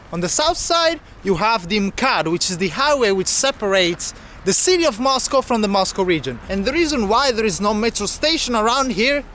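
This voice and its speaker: A man's voice: sits high, a bit bright, a little hiss or hum. A man walking city streets as a travel vlogger, chatting and explaining local facts to the camera. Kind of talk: walking travel vlog narration.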